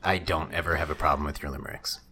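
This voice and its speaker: A man co-hosting a casual comedy podcast, goofy, with deadpan asides and half-finished jokes. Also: rumbling low, quick pace, vocal fry, slight background noise. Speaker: podcast co-host.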